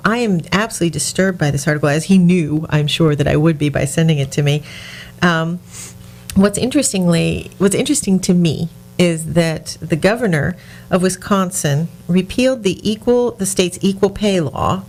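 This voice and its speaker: A woman's voice: lowish voice, normal speed, a little mellow. A woman hosting a business radio talk show, indignant and sarcastic, with frequent restarts.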